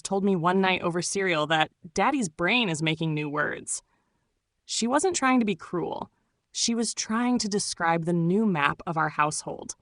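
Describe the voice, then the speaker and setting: A woman narrating a first-person story in a measured, steady way. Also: fairly low pitch, no echo, clean studio sound.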